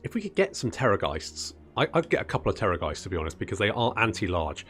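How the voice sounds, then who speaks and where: A man talks through a strategy game in a relaxed, chatty way, often mumbling to himself and addressing units like old friends. His voice sits low but swings up and down a lot. Quiet game music plays faintly underneath. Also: quick pace. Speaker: gaming channel host. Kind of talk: casual let's-play commentary.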